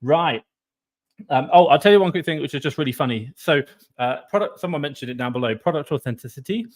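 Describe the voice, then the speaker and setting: A man co-hosting a casual live stream over a video call, chatty and upbeat with quick asides. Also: on the high side, animated.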